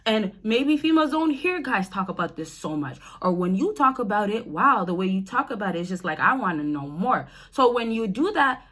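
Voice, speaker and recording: A woman's voice: fairly high pitch, a bit bright. A woman, chatty and direct, coaching men on dating in a casual vlog. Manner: chatty, direct, addresses viewers as y'all and fellas. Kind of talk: casual advice vlog to camera.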